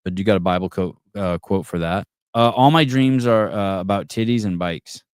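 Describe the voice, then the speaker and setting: A man with a fairly low, smooth and resonant voice hosts a live podcast. He swears freely, stumbles and restarts his words, and reads out comments from the chat. The sound is close and dry, with no room echo. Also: moderate pace. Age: adult with children. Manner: blunt and profane, restarts words often. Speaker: podcast host. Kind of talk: casual live call-in chat, reading viewer comments.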